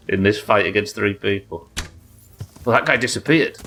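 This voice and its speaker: Speaking at a moderate pace with long pauses and a sharp tone, a man provides live commentary while streaming a game. He's casual and profane, cracks jokes, and yelps high when the fighting gets tense.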